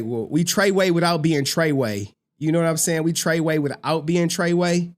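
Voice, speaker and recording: A man hosting a livestream, reading super chats in excitable, slangy commentary that breaks into shouts and laughter. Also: fairly high pitch, normal speed, hardly any pauses. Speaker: livestream host.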